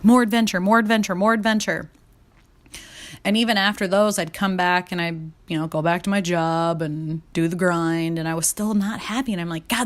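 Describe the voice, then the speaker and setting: A woman's voice: fairly low pitch, fairly bright tone. A woman in her thirties telling her personal story in a candid, chatty way, with lots of fillers and some swearing. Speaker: podcast host.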